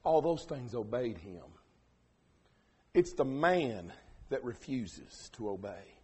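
A preacher, delivering a sermon that swings from quiet asides to shouted emphasis. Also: male voice, mid-range voice, sing-song, slow pace, breathy edge. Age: 40s.

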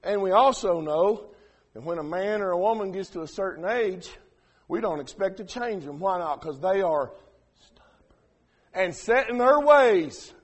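A preacher, delivering a sermon that swings from quiet asides to shouted emphasis. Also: male voice, high voice, lively intonation, normal speed. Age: 40s.

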